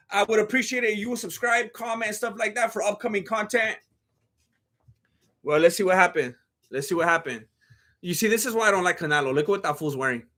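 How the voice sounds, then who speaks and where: A man's voice: high-pitched, a bit bright. A man hosting a live fight commentary stream, talking in a blunt, joking, chatty way.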